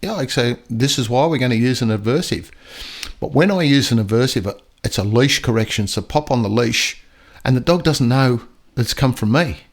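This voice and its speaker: An older man talking casually on a podcast, with a voice of middling pitch. He spins stories and jumps into quick voices for the dogs and people he describes. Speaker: podcast guest storyteller and dog trainer. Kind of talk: casual chat.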